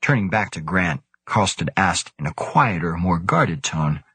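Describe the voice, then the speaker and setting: A man with a very low, husky voice reads an audiobook steadily. The sound is close and dry, with no room around it. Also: expressive, unhurried, sharp tone, no echo. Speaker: narrator. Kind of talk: audiobook narration.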